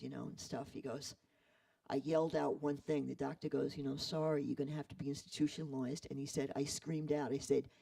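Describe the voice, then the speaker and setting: A man retelling a story in an animated way, acting out the quoted voices. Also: a little high, creaky, slightly rough, distant mic, poor audio. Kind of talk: storytelling talk.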